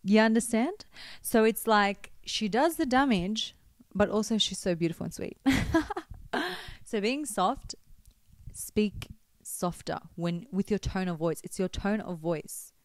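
A woman's voice: medium pitch, unhurried, dry recording. Chatty young woman vlogger, dry sound. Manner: chatty and expressive, teasing asides to viewers. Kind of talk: casual faith-based advice talk to camera.

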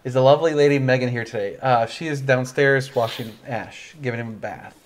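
A man's voice: medium pitch, a little fast. A young man hosting a casual livestream chat, tired and yawning, rambling and laughing often. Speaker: livestream host.

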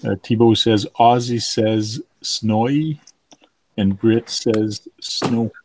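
A man's voice: fairly low pitch, flat delivery, slow pace, noisy background. A man whose first language is French, hosting a casual live stream and reading viewer comments aloud with many fillers. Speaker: livestream host.

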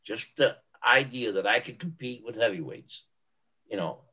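An older man, a guest on a podcast, telling stories in a casual interview. He is animated and emphatic, and he often repeats himself for effect. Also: mid-range voice, normal speed, slightly rough, low-quality recording. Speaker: guest, retired bodybuilder. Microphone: podcast microphone.

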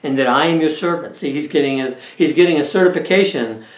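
A man's voice: a little high, quick pace. A man teaching a Bible study lesson in a conversational way, often checking in with his listeners. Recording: echoey room.

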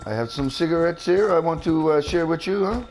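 A man's voice: fairly high pitch, a little fast, a little hiss or hum, close to an everyday voice. A man doing a chuckling French Canadian slasher. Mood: playful. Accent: put-on French Canadian. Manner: chuckling, ends lines with "huh?". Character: cheerful French Canadian male slasher, creepily friendly. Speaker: streamer. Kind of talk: comic live game commentary in character. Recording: game music loud behind voice.

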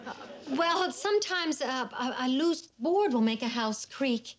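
A woman's voice: high-pitched, lively intonation, measured pace, muffled recording. An actress playing a sensible suburban mother in a 1970s sitcom, reasonable but turning flustered and hesitant. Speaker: mother of a large family.

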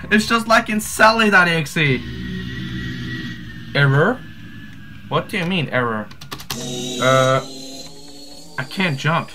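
A man commentating his own horror game play, jumpy and full of exclamations and yells at the scares. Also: on the high side, poor audio. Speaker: gamer playing a horror fan game. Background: game music.

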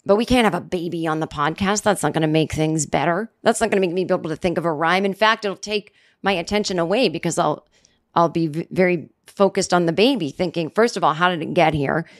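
A woman's voice: lowish voice, fast talker. Rambling, sarcastic woman podcast host. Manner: rambling, sarcastic, self-interrupting, with many restarts; lively, jumping up for mock quotes. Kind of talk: casual comedic monologue.

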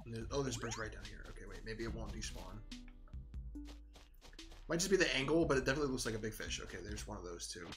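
A young man casually talking to himself while playing a video game, rambling and relaxed, now and then yawning, at a home desk mic. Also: on the low side, fast, pauses often. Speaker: gaming video creator. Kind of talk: casual gameplay commentary. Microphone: desk microphone at home. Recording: faint game music behind.

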